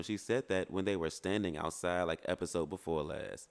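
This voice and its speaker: A man's voice: sits low, moderate pace, creaky. A man co-hosting a casual podcast chat, sassy and blunt, swearing freely. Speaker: podcast co-host.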